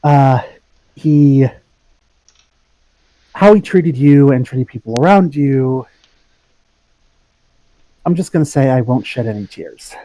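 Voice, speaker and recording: A man playing his character in a tabletop game, earnest and soft-spoken. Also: medium pitch, expressive, slow pace, pauses often, no echo, low-quality recording. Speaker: player. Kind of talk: in-character tabletop role-play.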